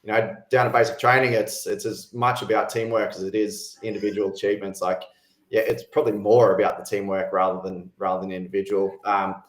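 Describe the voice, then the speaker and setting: Laid-back male fitness coach in an echoey room. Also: on the low side. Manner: relaxed, halting questions with fillers. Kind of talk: casual interview questions.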